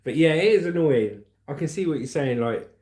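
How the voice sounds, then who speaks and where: A man in his forties hosts a laid-back livestream, reading viewer comments and news aloud with frequent laughter. His fairly high, darkish voice is animated and a little fast, echoing around the room.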